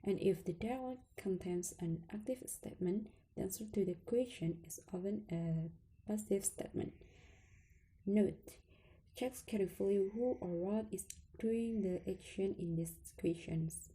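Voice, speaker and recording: A woman presenting an English test lesson, slowly listing rules and example phrases. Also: medium pitch, warm tone, low-quality recording. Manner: slow listing reading, some words whispered. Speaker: student presenter. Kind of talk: reading lesson slides.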